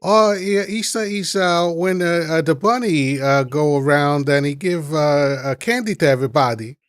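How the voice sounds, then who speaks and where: A man doing an eager man in halting broken English. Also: fairly high pitch, dry recording, studio quality, voice pushed up, close to an everyday voice.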